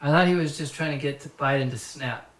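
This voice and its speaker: A man hosting his own podcast, telling stories in a rambling, animated, profane comic style. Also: on the high side, brisk. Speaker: podcast host. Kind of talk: casual comedic storytelling. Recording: roomy echo.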